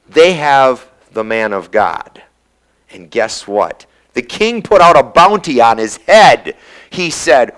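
A man preaching a sermon, retelling a scripture story with animated storytelling and briefly acting out the characters' voices. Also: medium pitch. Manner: reads scripture aloud in a measured cadence.

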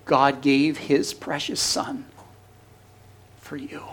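A man preaching a sermon, swinging from loud urgent pleading to hushed near-whispers and stretching out key phrases. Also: fairly high pitch, animated. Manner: preaching with drawn-out emphatic phrases. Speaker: pastor.

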